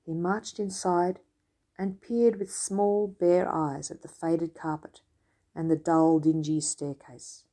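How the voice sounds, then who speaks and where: A woman reading a children's story aloud with gentle, expressive storytelling. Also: lowish voice, takes it slowly. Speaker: narrator.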